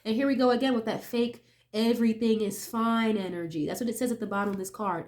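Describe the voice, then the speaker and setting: A woman's voice: on the high side, steady tone, fast talker, few pauses, a little mellow. A young woman doing a casual tarot reading, chatty and sniffly as she gets over a cold, often checking in with "okay?". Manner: chatty, keeps asking okay, swears casually. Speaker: tarot reader.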